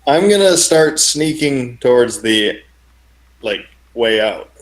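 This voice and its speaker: Male player, slow and hesitant, casual game table. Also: medium pitch, animated. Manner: hesitant, restarting.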